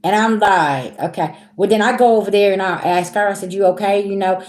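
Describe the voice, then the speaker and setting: A young woman, telling a story to her viewers in a blunt, animated, profane way. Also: medium pitch, a little fast. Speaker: spiritual reader vlogger. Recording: roomy echo.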